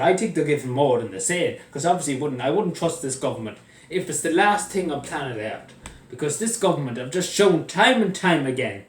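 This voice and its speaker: An Irish man in full heated rant, cursing freely and circling back over the same points. His voice moves a lot in pitch as the anger builds. He sounds a little off the mic, with an echoey room around him. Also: distant mic. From Ireland. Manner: heated, swearing, repeating himself. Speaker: vlogger. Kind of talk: angry political rant.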